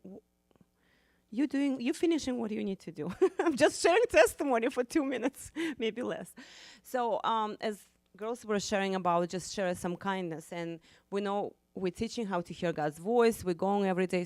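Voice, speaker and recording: A woman speaking non-native English, telling a lively church testimony to a women's group with frequent laughter. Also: mid-range voice, dry recording. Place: church meeting room.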